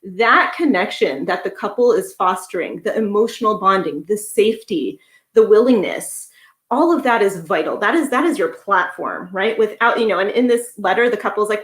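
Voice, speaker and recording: A woman's voice: mid-range voice, normal speed. A woman therapist giving an educational talk, going through her points one by one in a conversational way. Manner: conversational, lists points step by step. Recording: echoey room.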